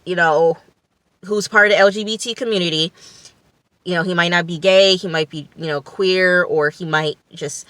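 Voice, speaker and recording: A woman's voice: lowish voice, fairly even intonation, moderate pace, a bit bright, smooth, no echo. A woman recapping a reality TV episode in a casual vlog, blunt, profane and opinionated, with plenty of fillers. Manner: chatty with frequent fillers. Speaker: TV reality show reviewer.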